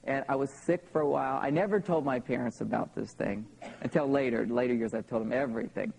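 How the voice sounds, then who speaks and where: A man's voice: mid-range voice, quick pace, gravelly, a little mellow, slightly rough, low-quality recording. A man in his thirties tells personal stories in a live seminar talk to an audience, often checking in with "okay?". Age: 30s. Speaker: seminar speaker.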